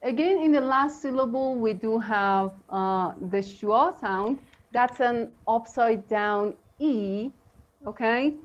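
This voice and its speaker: Woman co-host for a live pronunciation lesson, higher voice, unhurried, halting delivery, muffled stream audio. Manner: slow, halting, many fillers. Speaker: co-host English teacher. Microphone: video call.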